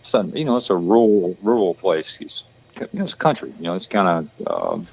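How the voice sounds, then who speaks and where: Deep-voiced Southern country man. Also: expressive, normal speed, darkish tone, low-quality recording. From rural Georgia, west of Atlanta. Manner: rambling, many fillers and restarts. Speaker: actor guest. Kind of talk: casual chat.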